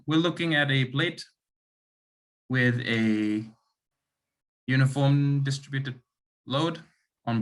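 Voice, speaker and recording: A man's voice: medium pitch, a bit bright. Man leading an online engineering lab. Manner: checks understanding with frequent "okay" and "right". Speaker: lab demonstrator.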